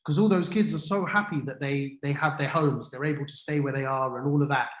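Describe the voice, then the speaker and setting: A man's voice: on the high side, steady tone, a little fast, a bit bright. A middle-aged man co-hosting a casual livestream chat, telling stories eagerly with lots of fillers and restarts. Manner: enthusiastic storytelling with many fillers and restarts. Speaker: co-host. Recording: echoey room.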